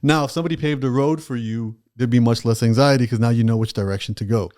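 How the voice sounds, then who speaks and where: A man with a mellow, warm tone who appears as a podcast guest and author. He speaks reflectively at a middle pitch and builds his points with stories and analogies. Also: fast. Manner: reflective storyteller who uses examples and analogies. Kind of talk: podcast conversation.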